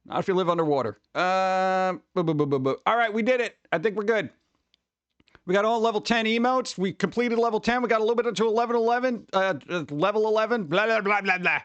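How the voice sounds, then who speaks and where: A male streamer talks in a loose, rambling, joking way, reading chat messages as they come in. His voice sits fairly high for a man, and the sound is dry and close with little room to it. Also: quick pace, a bit bright, clear, resonant tone, dry recording, dull audio. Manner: rambling, jokey, reads chat aloud. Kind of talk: casual live-stream chat.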